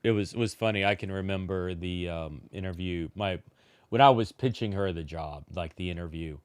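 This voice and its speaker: A man's voice: sits low, normal speed, clean tone, no echo. A man co-hosting a church livestream in casual chat, often restarting words and making joking asides. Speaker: livestream co-host. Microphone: livestream setup.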